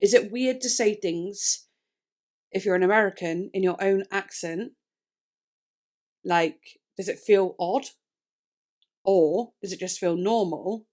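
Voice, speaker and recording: A woman's voice: mid-range voice, slow pace, pauses often, a little mellow. A young woman from the UK with a British accent, chatting casually in a music reaction vlog, rambling and tripping over her words. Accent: British English. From United Kingdom. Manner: rambling, all over the place, trips over words. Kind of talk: casual chat.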